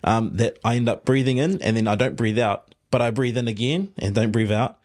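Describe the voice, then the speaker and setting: A man's voice: mid-range voice, steady tone, fairly quick, darkish tone. A man with a New Zealand accent hosting a podcast, self-deprecating and laughing often. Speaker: podcast host. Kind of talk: casual podcast chat.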